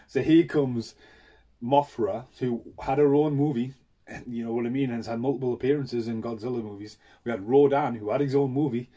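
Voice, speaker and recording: A man's voice: medium pitch, warm tone, husky. A man, chatting casually through a movie unboxing in a swear-filled, enthusiastic, rambling rant. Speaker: film collector reviewing a Blu-ray.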